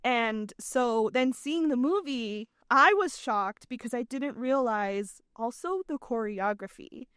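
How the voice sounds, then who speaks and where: A woman co-hosting a podcast in casual chat, talkative and animated with quick asides. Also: fairly high pitch, clean tone, no echo, studio quality. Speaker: podcast co-host.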